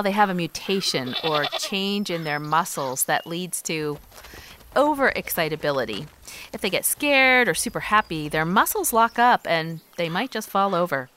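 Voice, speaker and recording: A woman's voice: lowish voice, unhurried, a little hiss or hum. A middle-aged woman co-hosting a podcast, chatting casually while walking outdoors on a farm and calling to her goats. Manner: lively, calls loudly to her goats. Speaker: podcast co-host. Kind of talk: casual chat on a farm walk.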